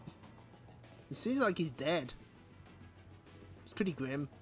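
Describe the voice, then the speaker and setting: A man's voice: a little high, sing-song, takes it slowly, soft background music. Wry man swearing through a read-along. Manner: wry, swears, laughs often. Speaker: streamer host. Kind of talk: casual comic read-along commentary.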